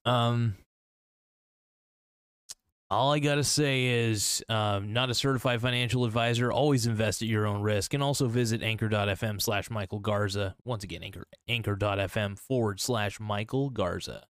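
Male solo podcaster, casual and rambling, smooth resonant voice, dry close mic. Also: lowish voice, moderate pace, dry recording. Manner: rambling, restarts and filler-heavy. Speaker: podcast host.

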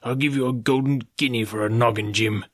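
A man reading an audiobook voices an old, sick sea captain who talks like a salty sailor, cursing and wheedling in a gravelly, raspy voice. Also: medium pitch, steady tone, a little fast, no room sound, clean studio sound, lightly acted. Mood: pleading. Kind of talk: audiobook character voice.

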